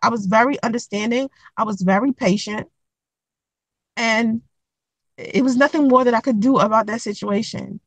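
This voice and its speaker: A young woman telling a dating story to camera in a blunt, profane, animated way, acting out the quotes. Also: on the high side, normal speed, long pauses, no room sound, rough recording. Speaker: vlogger giving dating advice.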